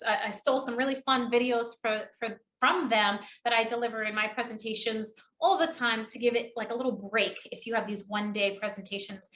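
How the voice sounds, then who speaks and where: Woman, New England accent, public speaking trainer, quick chatty delivery, echoey room. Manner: lively, demonstrates delivery with shifting pitch; chatty, casual, fast-talking. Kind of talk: online training presentation.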